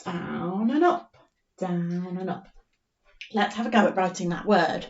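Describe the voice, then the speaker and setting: A woman's voice: lowish voice, roomy sound, far from the mic, dull audio. A woman teacher reading a story to young children and sounding out letters in an online lesson. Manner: slow, sing-song story reading with phonics sounding out. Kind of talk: remote primary school story lesson.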